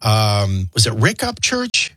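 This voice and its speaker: A man hosting a talk show, rambling through childhood anecdotes and a quick sports rundown. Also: fairly low pitch, huge pitch swings, fairly bright tone, dry recording. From New Orleans area. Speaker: talk radio host. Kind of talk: casual storytelling and sports rundown.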